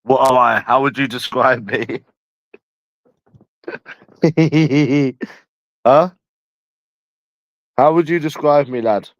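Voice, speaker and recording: Young man, London accent, teasing, repeats his questions, mid-pitched voice, dry close sound. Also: very slow, long pauses, dry recording, dull audio. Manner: teasing, asks the same questions over and over. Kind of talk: casual chat with viewers.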